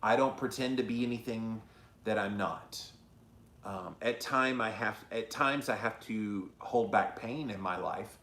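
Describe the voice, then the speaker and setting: A man with a fairly low voice talks straight to his viewers, earnest and openly emotional. He hosts his own show in a casual, confessional manner. The room around him rings with echo. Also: measured pace, a bit bright. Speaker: host. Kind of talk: casual talk to camera.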